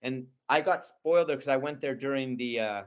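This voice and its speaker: A man in his sixties, an interview guest, tells stories in an enthusiastic, rambling manner as casual storytelling. His voice is smooth and medium-pitched, brisk in pace, and the sound is lo-fi.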